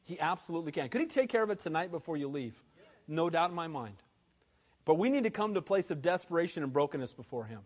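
A man preaching a sermon as pastor, animated and swinging between loud exclamations and hushed, earnest pleas. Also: on the high side. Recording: long hall reverb.

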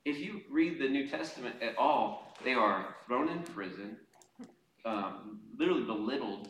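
A male pastor preaching a sermon to his congregation, impassioned and conversational, swinging from loud urging to quiet asides and calling on the room to answer. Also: medium pitch. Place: church hall before a congregation. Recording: echoey hall, mic at a distance.

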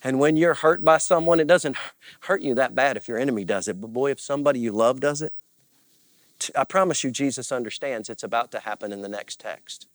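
A man's voice: mid-range voice, brisk, no room sound. A man preaching as a pastor, earnest and confessional, with repeated phrases and rising bursts of emphasis. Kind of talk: sermon.

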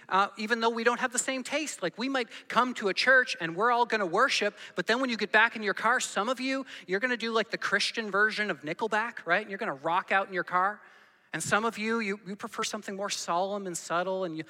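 A man's voice: high-pitched, brisk, bright, forceful tone, in a large hall. A man preaching a sermon to his congregation, earnest and full of questions put to the room. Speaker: pastor. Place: church hall.

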